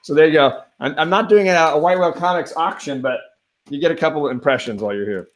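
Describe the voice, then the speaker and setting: Speaking fast in a fairly high voice, this host keeps a casual conversation going with plenty of enthusiasm. His talk rambles, and he frequently starts sentences over.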